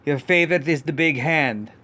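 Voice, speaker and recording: A man voicing a goofy male dinosaur puppet pup who hosts a live podcast, talking in a vague put-on foreign accent, rambling with many halting restarts. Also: fairly high pitch, pushed and bright. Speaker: podcast host. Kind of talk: live podcast character act.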